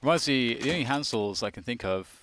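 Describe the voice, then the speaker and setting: Man, esports caster, medium pitch, chatty analytical commentary, game gunfire behind. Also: animated, brisk, heavy background noise.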